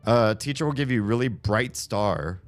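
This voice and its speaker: Deep-voiced man rambling over gameplay. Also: lively intonation, moderate pace, faint music behind. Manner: rambling, swears casually. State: losing his voice. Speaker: gameplay commentator. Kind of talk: casual let's-play commentary.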